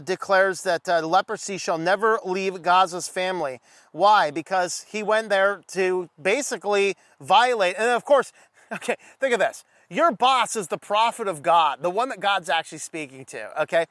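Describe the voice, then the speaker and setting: A man's voice: high voice, dry recording, clean studio sound. A man teaching a casual Bible study, reading scripture aloud and acting out the dialogue with jokes. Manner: animated, joking, reads scripture aloud, acts out dialogue.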